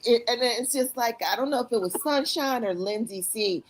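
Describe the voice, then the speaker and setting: A woman's voice: a little high, normal speed. A woman chatting as a guest on a live stream, telling stories and acting out her own reactions in quoted asides. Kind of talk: animated casual chat.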